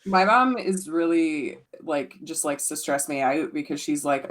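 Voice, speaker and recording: A young woman chatting before a tabletop game in a deadpan, gleefully macabre way. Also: sits low, measured pace. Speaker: player. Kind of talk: casual pre-show chat.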